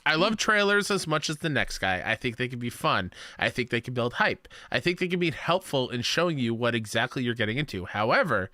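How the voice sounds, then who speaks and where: A man's voice: medium pitch, sing-song, fairly quick, few pauses, bright, forceful tone, no room sound, clean studio sound. A man co-hosting a casual gaming podcast, laughing often and reading listener letters aloud. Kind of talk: casual chat.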